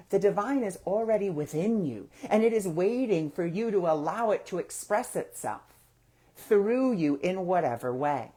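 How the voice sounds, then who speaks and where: A man hosting a relaxed spiritual talk show, speaking in an easygoing, conversational way. He poses rhetorical questions to his listeners and acts out his own thoughts as he goes. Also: high voice. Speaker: host of a spiritual discussion.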